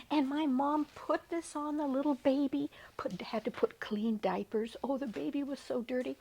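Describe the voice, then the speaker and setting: An older woman telling a childhood story in a gentle, sing-song way, lingering tenderly on her words. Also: high voice, steady tone, moderate pace, vocal fry, few pauses, low-quality recording. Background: music.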